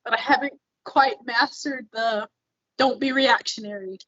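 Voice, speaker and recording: A woman cohosting a podcast, telling a personal story in a lively way and acting out the lines she quotes. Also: a little high, a little slow, dry recording, muffled recording. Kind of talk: casual podcast chat.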